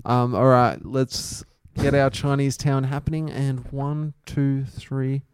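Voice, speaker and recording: A man playing an oblivious, inappropriate drama teacher in a flat, matter-of-fact tone, recorded dry and close. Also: medium pitch, slow, clear, resonant tone, dry recording, natural voice. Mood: deadpan.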